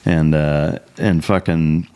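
Low-voiced man from Iowa, cursing casually. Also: fairly even intonation, slow pace, mellow, clear, resonant tone. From Iowa, USA. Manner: profane, hesitant with fillers and restarts. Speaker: podcast host. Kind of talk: casual interview chat.

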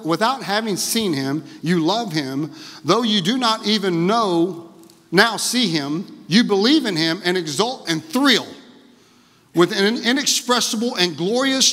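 High-voiced preacher in a hall. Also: male voice. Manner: energetic, exclaiming, frequent "Amen?" to the congregation. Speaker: pastor. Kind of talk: sermon. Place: church sanctuary. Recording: long reverb of a large hall.

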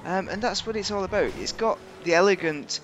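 A man's voice: high-pitched, brisk, fairly bright tone, soft background music. A man giving rambling, joking commentary while reviewing a video game. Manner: rambling, chatty, jokey asides. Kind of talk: casual gameplay commentary.

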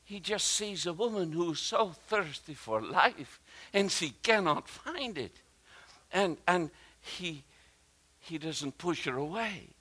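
Animated, bright-voiced male preacher. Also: high-pitched, slightly rough. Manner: animated and emphatic, with frequent repetition and halting restarts; talks directly to the congregation with asides and questions. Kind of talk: sermon.

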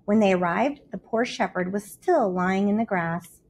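A woman reading a children's storybook aloud in an expressive, lively way. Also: mid-range voice, moderate pace, slight background noise.

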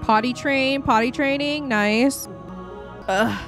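A woman's voice: high-pitched, slow pace, fairly bright tone, soft background music. A young woman casually commentating her live stream of a life-simulation game, chatty and scattered, talking to herself with lots of fillers.

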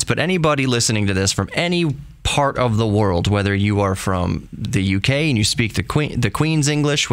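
A man's voice: on the low side, fairly bright tone. A man hosting a podcast alone, talking casually and rambling, often restarting and correcting himself. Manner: rambling, self-correcting, chatty. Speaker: podcast host. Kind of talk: casual solo podcast talk.

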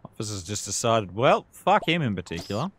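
A man's voice: on the low side, sing-song, a little fast, a bit bright, a little hiss or hum. A man giving joking gameplay commentary as a YouTuber, bantering with mock slang asides. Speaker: gaming YouTuber.

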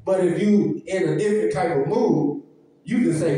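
A man's voice: sits high, moderate pace, dark tone. A man preaching a sermon in a folksy, conversational way, with his congregation answering amen in a church. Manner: folksy, conversational preaching with dialect and call-and-response. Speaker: pastor. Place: church sanctuary. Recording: echoey church hall, mic at a distance.

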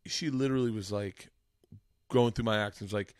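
A man's voice: lowish voice, steady tone, normal speed, dry recording. A man in his forties hosts a casual podcast chat, his voice close and dry on a studio mic. He tells loose personal stories, swearing freely and restarting sentences as he goes. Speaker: podcast host.

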